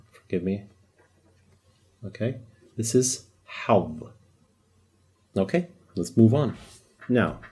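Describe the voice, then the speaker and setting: In a relaxed whiteboard lesson, an Arabic teacher who speaks Arabic natively explains things patiently, models sounds and slips in light jokes. His voice is fairly low, darkish and husky.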